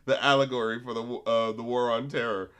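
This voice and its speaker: A man co-hosting a casual podcast review chat, animated, laughing often and swearing freely. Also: mid-range voice, a little fast, smooth. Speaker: podcast co-host.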